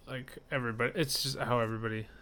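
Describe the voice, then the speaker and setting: A man's voice: mid-range voice, steady tone, rapid-fire, sharp tone. A man co-hosting a casual podcast chat, matter-of-fact with dry humor. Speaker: podcast co-host.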